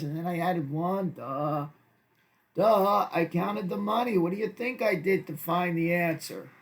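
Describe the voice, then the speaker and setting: A man's voice: high-pitched, fairly bright tone. A man teaching a recorded math lesson to second graders, chatty and playful, with jokey asides.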